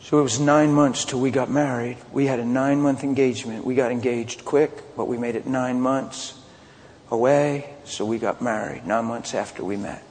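Animated preacher man in an echoing hall. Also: medium pitch, moderate pace. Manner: animated, swings from loud outbursts to hushed confessions. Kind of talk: sermon with personal storytelling. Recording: long hall reverb, faint ambience.

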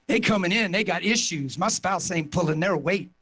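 A man with a noticeably high voice preaches to his congregation, recounting his own story with fervent energy. His delivery swells from quiet reflection into near-shouted emphasis. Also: moderate pace, husky. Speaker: pastor. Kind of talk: sermon testimony.

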